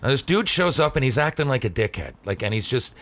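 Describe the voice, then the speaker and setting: A podcast host, male, tells a story in a casual chat, speaking at a medium pitch and a quick pace. His anecdote is animated and profane, full of swearing and constant restarts.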